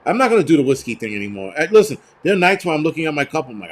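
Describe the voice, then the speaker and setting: A man with a fairly high-pitched voice rants on a live stream. He is blunt and profane, circling back with fillers like "you know" and thanking viewers in the chat as he goes. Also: sing-song, rapid-fire. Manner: reads out viewer donations and chat. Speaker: livestream host.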